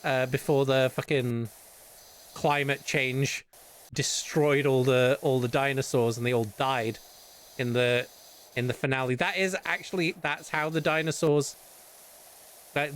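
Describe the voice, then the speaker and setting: A man's voice: mid-range voice, steady tone, a little slow, fairly bright tone. A British man streaming casual chat, rambling and swearing often between laughs.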